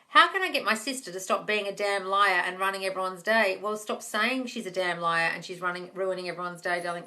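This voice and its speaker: Hosting a live-stream Q&A as a manifesting coach, a woman reads viewer comments aloud and answers them bluntly, calling everyone darling and swearing casually. Her voice is fairly low and sharp in tone, recorded on a phone.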